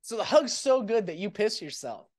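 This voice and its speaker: A male podcast co-host in a casual, comedic chat, full of goofy hypotheticals and easy swearing. His voice sits fairly high and moves around a lot in pitch. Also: big pitch swings, moderate pace.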